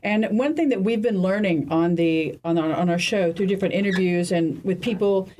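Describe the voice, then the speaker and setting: A woman's voice: fairly low pitch, normal speed, dark tone, a little hiss or hum. A woman co-hosting a podcast who asks a guest long, earnest questions and often restarts her sentences as she talks. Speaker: podcast co-host. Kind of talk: interview questions.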